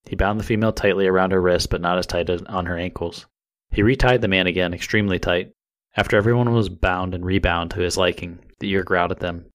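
A man co-hosting a podcast, reading true crime case details in a steady, even way. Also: sits low, fairly quick. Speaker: podcast co-host.

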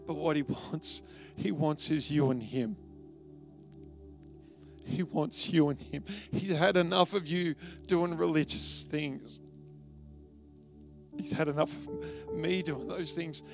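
A man's voice: high-pitched, a little slow, gravelly. Emotional preaching man, faint music. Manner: storytelling, emotional, swells to loud preaching. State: tearful at times. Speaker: pastor. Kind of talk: sermon.

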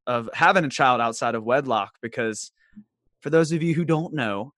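A man's voice: mid-range voice, normal speed, a bit bright, no echo, studio quality. A man from Southwestern Virginia with a light Southern accent, hosting a casual podcast chat, laughing often as he tells stories. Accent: Southern American, light. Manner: chatty, laughs often, playful storytelling. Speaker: podcast host. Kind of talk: casual conversation.

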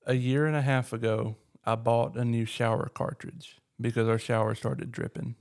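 A man, chatting on a podcast in a flat, deadpan tone that others hear as sarcastic. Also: mid-range voice, normal speed, creaky. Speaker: podcast co-host. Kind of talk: casual chat.

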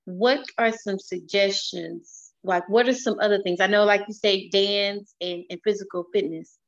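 A woman's voice: mid-range voice, steady tone, normal speed. Woman host with a dull lo-fi sound. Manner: hesitant, restarts questions, affirms with "mm-hmm". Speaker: podcast host. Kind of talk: interview questions.

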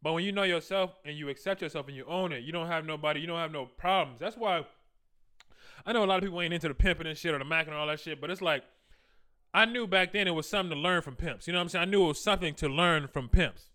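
Fast and sharp, with a voice on the high side, a man boasts crudely about dating in a casual, slang-heavy monologue punctuated by laughter. He acts out the conversations he's had.

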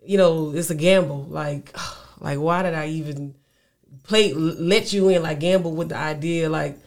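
Young female songwriter guest, gravelly voice, rambling casual talk. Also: low-pitched, moderate pace, darkish tone. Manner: rambling, many "you know" fillers. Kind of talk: casual interview chat.

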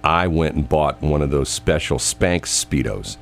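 A man co-hosting a casual talk show, animated and laughing, his voice leaping up when he is incredulous. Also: very deep voice, measured pace, slight background noise. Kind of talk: casual banter.

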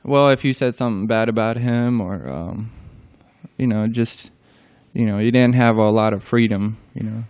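Hesitant young man, smooth voice. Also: lowish voice, a little mellow. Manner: hesitant, many pauses and fillers, brief replies. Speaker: interview guest. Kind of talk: casual interview answers.

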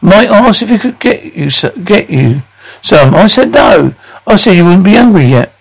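A tired, put-upon wife in a sitcom. She talks mildly and plaintively. Her voice has a gravelly edge. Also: medium pitch, sing-song, normal speed, full character voice. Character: weary, put-upon middle-aged wife and mother.

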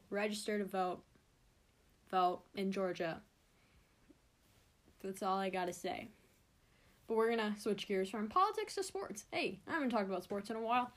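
A young woman hosting her own sports podcast, talking in a chatty, rambling way and cutting herself off. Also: mid-range voice. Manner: chatty and rambling, self-interrupting. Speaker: podcast host. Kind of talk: casual solo podcast chat.

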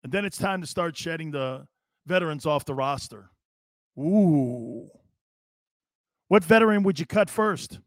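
A man's voice: fairly high pitch, brisk, fairly bright tone, dry recording, studio quality. A man hosting a live football talk show, blunt and sarcastic, mocking coach-speak and swearing casually. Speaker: sports talk show host. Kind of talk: live sports talk monologue.

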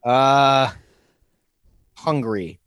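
A man's voice: medium pitch, extremely slow, a bit bright, clean tone, no room sound. A man co-hosting a podcast in casual chat, joking and teasing and laughing often. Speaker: podcast co-host.

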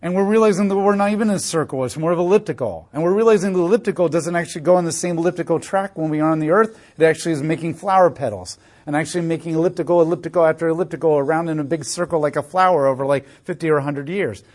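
Guy teaching the bible, kinda high husky voice, lively, keeps asking rhetorical questions. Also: rapid-fire, few pauses. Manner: animated, emphatic, rhetorical questions, repeats phrases.

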